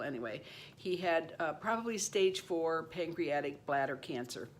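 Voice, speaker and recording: A woman's voice: deep voice, animated, moderate pace. A woman in her seventies hosting her own channel, telling a true personal story in a loose, rambling way that keeps circling back with "anyway" and "you know.". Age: 70s. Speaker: channel host. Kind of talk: personal story told to camera.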